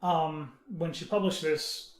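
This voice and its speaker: Male podcast panelist, high voice, earnest and halting, in a roomy echoey room. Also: steady tone. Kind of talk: casual podcast chat. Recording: roomy echo.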